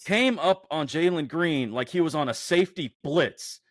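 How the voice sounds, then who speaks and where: A man's voice: fairly high pitch, moderate pace, dry recording, studio quality. A man co-hosting a casual sports podcast, ranting heatedly and cursing freely about his home team's rivals. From Houston area. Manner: heated, profane, animated rants. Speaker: podcast co-host.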